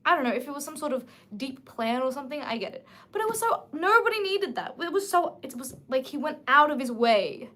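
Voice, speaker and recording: A woman in her twenties hosting a casual livestream book chat, animated and emphatic. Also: high voice, a little fast, hardly any pauses. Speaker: livestream host.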